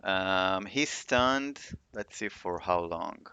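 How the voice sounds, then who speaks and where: A man's voice: deep voice, animated, slow, sharp tone, smooth, highs cut off. A man running a tabletop game on a stream call, talking in a laid-back, hesitant way with fillers and laughs. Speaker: game master. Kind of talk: casual tabletop game talk.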